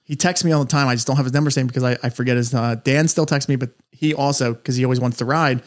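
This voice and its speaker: A man chatting as a podcast guest, telling stories in an animated way with frequent laughs and restarts. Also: mid-range voice, very fast. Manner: animated storyteller, laughs often, many restarts. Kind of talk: casual chat, storytelling.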